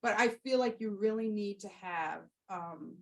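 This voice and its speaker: A woman's voice: mid-range voice, a little slow, creaky, a little mellow, low-quality recording. A woman Reiki practitioner hosting a podcast, telling a session story and answering questions in a rambling, heartfelt way, with many fillers and restarts. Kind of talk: casual storytelling and Q&A.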